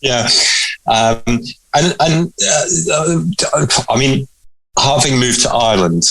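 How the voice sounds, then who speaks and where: A man co-hosting a podcast, reflecting in a measured, casual way. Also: mid-range voice, rough recording. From Scotland. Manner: reflective, measured, hedging with ums. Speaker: podcast co-host. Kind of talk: casual conversational chat.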